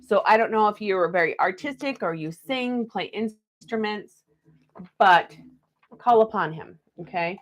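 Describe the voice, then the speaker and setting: A woman's voice: medium pitch, unhurried. Woman, live card reader, chatty, laughs between readings, reads messages aloud.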